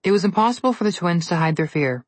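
Woman reading a storybook aloud, low and dry. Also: dry recording. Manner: even, measured reading. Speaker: narrator. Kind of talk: storybook narration.

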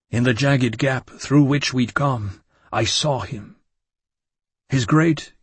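Male narrator, husky, mid-pitched, measured and intense, dry close sound, for dark first-person audiobook narration. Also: no echo.

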